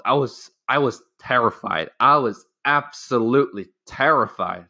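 On his casual self-help podcast, a young man candidly tells a personal story, dropping in some swear words. He has a medium-pitched, pushed and bright voice with lively intonation, unhurried and with few pauses. His phrasing wanders loosely, with restarts.

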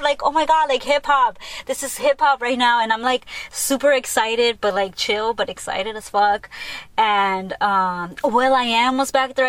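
Young female podcast host, casual storyteller, excitable and giggly, slightly high voice. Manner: excitable, lots of "like" and laughter.

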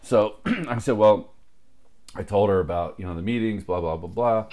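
A man's voice: fairly low pitch, moderate pace. A man in casual chat, telling a long story full of swearing and acted-out dialogue. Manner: profane, animated anecdote-telling with quoted dialogue.

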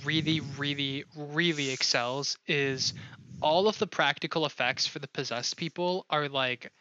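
A man's voice: on the high side, fairly even intonation, a little slow, bright, forceful tone, dry recording, highs cut off. A young man hosting a casual movie review podcast, enthusiastic and rambling, with many fillers. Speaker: podcast host.

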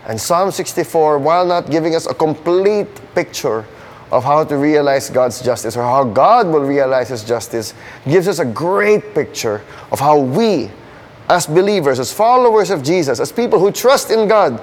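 A man preaches a sermon in a slightly raised voice. He is earnest and leans into pointed questions. A long hall reverb trails each phrase. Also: a little high. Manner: earnest, building to emphatic questions. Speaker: pastor.

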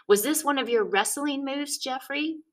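A woman's voice: sits high, normal speed, fairly bright tone, voice pushed up. Woman putting on a frantic dramatic mom. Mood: interrogating. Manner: dramatic, interrogating. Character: frantic, overprotective mother of two boys.

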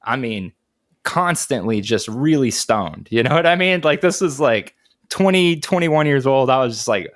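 A man's voice: medium pitch, lively intonation, moderate pace, a bit bright. A man in his thirties telling stories in a casual, laid-back chat, swearing freely and chuckling as he goes. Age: 30s.

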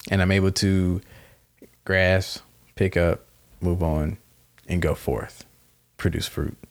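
A man talks in a casual, reflective, laid-back way, laughing at himself and acting out little quoted exchanges. His voice is low with fairly even intonation, and he takes his time.

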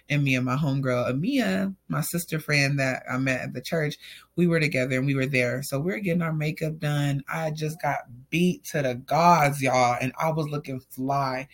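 A man's voice: fairly high pitch, creaky. Man telling a candid personal story. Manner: candid and emotional, speaks in loose run-on sentences. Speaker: storyteller sharing a personal testimony.

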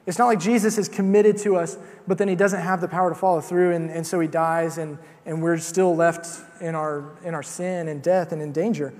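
A man's voice: a little high, fairly even intonation, a little fast, hardly any pauses, darkish tone, big-room sound. A man preaching a sermon in a conversational way, with fillers and repeated starts.

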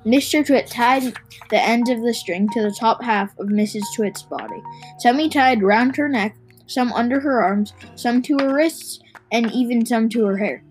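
A woman reads a children's storybook aloud in a fairly high voice, taking her time and now and then stumbling and restarting a word. Soft music plays faintly beneath her reading. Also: poor audio. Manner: unhurried, with small slips and restarts. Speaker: reader.

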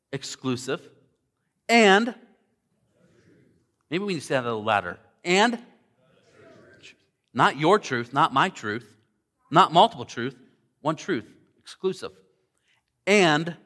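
A man's voice: fairly high pitch, a bit bright. A male pastor preaching a sermon, emphatic, repeating key words and addressing the congregation directly.

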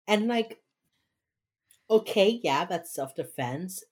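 Young woman, low voice, very up-and-down, casual podcast recap, does the characters' lines. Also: a little slow. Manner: animated, acts out characters' lines while retelling. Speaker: podcast co-host recapping a TV episode. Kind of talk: casual chat.

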